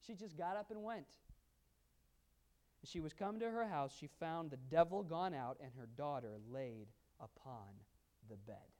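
A woman's voice: low-pitched, animated, a little slow, warm tone. A woman teaching a Bible study class, earnest and emphatic, speaking to her class. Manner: earnest, emphatic, pleading in quoted prayers.

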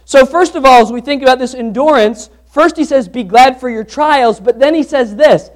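Man, pastor, very high voice, chatty anecdotal sermon, lively storytelling, in a church. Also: normal speed. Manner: conversational, animated storytelling with restarts. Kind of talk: sermon with humorous personal anecdote.

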